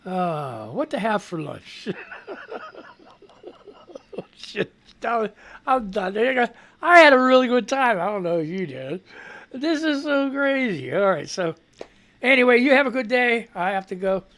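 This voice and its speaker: A man's voice: high voice, very animated, moderate pace, fairly bright tone. A man hosting a live radio show, reading news stories aloud and mocking them with sarcastic, profane commentary; his voice is a bit off. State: voice not quite right.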